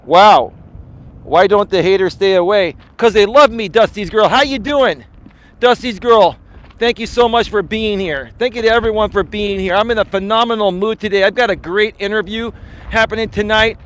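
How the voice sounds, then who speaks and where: A man with a high-pitched voice hosts a casual live stream outdoors in a built-up area, with passing traffic heard behind him. He talks in a boastful, teasing way and swears casually. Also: normal speed, fairly bright tone. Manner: boastful, teasing, laughs at his own jokes. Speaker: life coach hosting a live stream.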